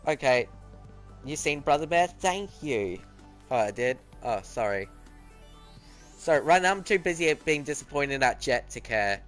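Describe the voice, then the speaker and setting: A teenage boy chats his way through a game stream, teasing and answering his viewers as he plays. His voice sits in a middle pitch for a young man. Quiet music plays faintly underneath. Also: expressive, unhurried. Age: teens. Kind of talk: casual chat while gaming.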